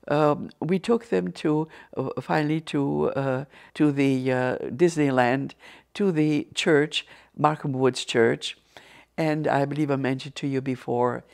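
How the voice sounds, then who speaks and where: Older Ukrainian woman, gravelly voice. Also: low-pitched. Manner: earnest, animated storyteller with frequent restarts. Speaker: interview guest. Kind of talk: personal testimony storytelling.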